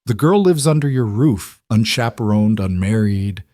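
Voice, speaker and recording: A man's voice: fairly low pitch, expressive, normal speed, dark tone, dry recording, studio quality, natural voice. A man voicing a pompous, scheming, portly judge in a spoken frontier story. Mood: smug. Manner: pompous, oily. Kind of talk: storybook character reading.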